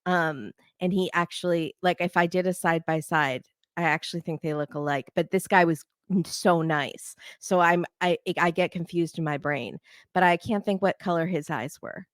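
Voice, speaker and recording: Woman, from Los Angeles, podcast guest, quick casual chat, lowish voice. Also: dry recording, studio quality.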